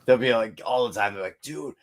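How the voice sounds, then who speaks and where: A young man from the northeastern US, a metal band's singer, chatting casually on a podcast, rambling through road stories with swearing and sudden animated outbursts. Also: on the low side, quick pace. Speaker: metal band vocalist, guest.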